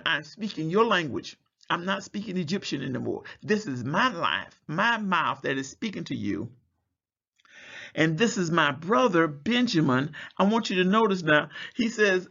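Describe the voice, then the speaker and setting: A man's voice: a little high, gravelly, a bit bright, dull audio. A man preaching a Bible study sermon, reading scripture aloud and explaining it, drawing out words for emphasis.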